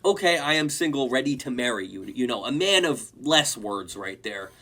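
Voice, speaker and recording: A man's voice: medium pitch, sing-song, normal speed, bright, forceful tone. A young man hosting a reaction video, mockingly reading online comments aloud. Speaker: host.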